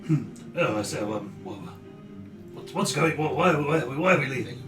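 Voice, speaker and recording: A man's voice: medium pitch, expressive, normal speed, roomy sound, music in the background. Stammering, joking player, man. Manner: stammering restarts, playful quips. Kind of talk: tabletop game chat.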